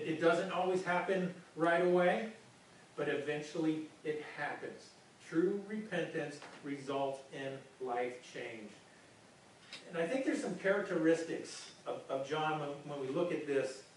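A man's voice: on the high side, a little hiss or hum. A male pastor giving a conversational sermon, often repeating words as he speaks. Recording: echoey room from far off.

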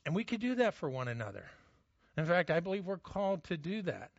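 A man preaching with a fairly high voice, telling a scripture story with lively energy. He drops to a hush for the quiet moments. The sound is dry and a little dull. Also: a little fast, gravelly, no echo. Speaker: pastor. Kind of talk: sermon.

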